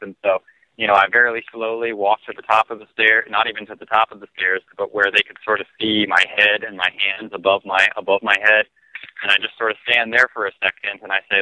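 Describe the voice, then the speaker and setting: A man telling a personal story as a radio guest, calm and halting, with "you know" in nearly every phrase. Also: lowish voice, no room sound. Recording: dull lo-fi dry broadcast audio.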